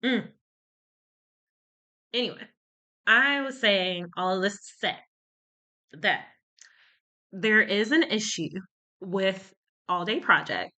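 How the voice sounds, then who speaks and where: A woman's voice: medium pitch, expressive, slow, long pauses, sharp tone. A woman talking in a casual commentary vlog. She rambles and searches for words, and she is short of breath from a cold. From United States. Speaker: YouTuber.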